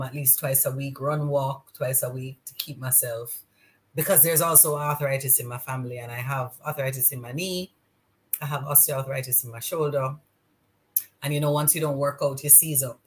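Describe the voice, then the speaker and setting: A middle-aged woman, telling stories as a podcast guest and acting out the dialogue. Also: low voice. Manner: lively storyteller, acts out quoted dialogue. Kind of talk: casual interview chat.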